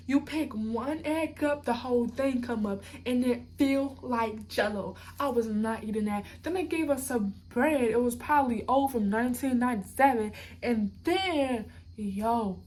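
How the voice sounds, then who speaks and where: A young woman vlogger telling a storytime in casual chat, animated and talking straight to her viewers. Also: on the high side.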